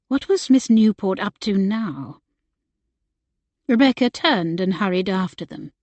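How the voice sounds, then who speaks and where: Woman audiobook narrator, slow and measured, dry close sound. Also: mid-range voice, a little mellow, no echo. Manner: measured, unhurried storytelling. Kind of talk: scripted narration.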